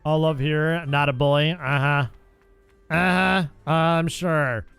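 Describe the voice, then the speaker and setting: A young man with a slightly raised pitch talks casually over his gameplay, teasing and bantering with his viewers. His tone stays loose and conversational, with light music faintly underneath. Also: steady tone, slow, a bit bright, clear, resonant tone. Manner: playful, bantering with chat. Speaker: gaming streamer. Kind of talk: casual live-stream chat over gameplay.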